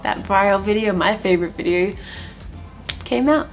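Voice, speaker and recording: A young woman talks through her own story in a casual vlog voice. She is chatty and upbeat and pokes fun at herself, at a middle pitch for a woman. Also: normal speed, soft background music. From Australia. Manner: chatty, upbeat and self-deprecating. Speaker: streamer and YouTuber.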